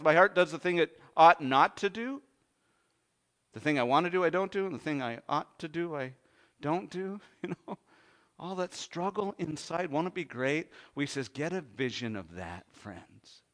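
A man preaching a sermon, swinging from hushed low lines to loud ones and asking the congregation questions. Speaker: pastor.

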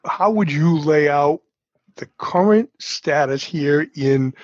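A man's voice: on the high side, slow, darkish tone, dry recording. Male podcast host, Boston accent, explanatory, dry muffled recording. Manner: earnest, explains step by step. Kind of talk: casual interview.

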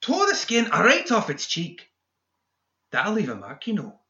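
A man voicing a sarcastic, sneering male doctor in an audiobook, pitched well above his own voice. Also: huge pitch swings, measured pace, sharp tone, reverberant, highs cut off, exaggerated voice.

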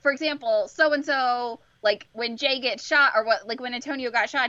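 Bright, giggly young woman on a dull mic. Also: on the high side, moderate pace, few pauses, no echo. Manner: giggly, upbeat, rambling. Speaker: podcast co-host. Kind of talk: casual fan podcast chat.

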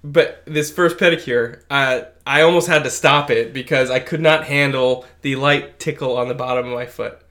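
A man's voice: medium pitch, fairly even intonation, normal speed, few pauses, a bit bright. A man co-hosting a casual podcast, telling stories with lots of fillers and restarts. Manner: rambling, many fillers and restarts. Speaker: podcast co-host. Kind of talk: casual chat.

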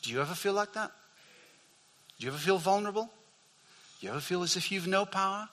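Older male pastor, earnest sermon delivery, lightly raised pitch, hall reverb. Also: expressive, quick pace, bright, forceful tone. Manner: earnest, repeats key phrases for emphasis. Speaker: preacher.

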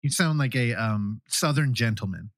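A man's voice: medium pitch, expressive, moderate pace, dry recording, clean studio sound. A man co-hosting a podcast over a remote call, teasing his friend bluntly and laughing often. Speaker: podcast co-host. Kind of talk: casual chat. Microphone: headphones, remote call.

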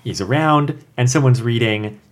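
A man's voice: medium pitch, moderate pace. A man casually discussing a book chapter with friends, rambling and filling with "like" and "you know". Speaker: podcast co-host discussing a book.

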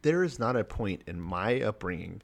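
Lively-pitched man in wry casual chat. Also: normal speed, gravelly. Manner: wry, blunt, profane. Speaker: podcast co-host.

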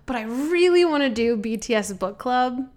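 A woman co-hosting a podcast, talking in a loose, giggly way and poking fun at herself. Her voice sits a little high, and she rambles along in easy casual chat. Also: lively intonation, normal speed, darkish tone. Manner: chatty, giggly, self-mocking. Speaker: podcast co-host.

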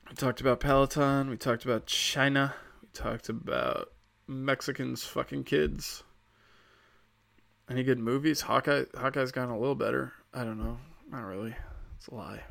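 Gravelly-voiced man ranting profanely. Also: medium pitch, normal speed, a bit bright. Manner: profane, rambling, sarcastic. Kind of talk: casual comedic monologue.

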